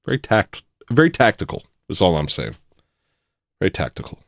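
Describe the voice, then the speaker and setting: A man hosting satirical commentary, rambling and joking with loud sudden bursts. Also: low-pitched, huge pitch swings, normal speed, no room sound, clean studio sound. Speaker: commentary host.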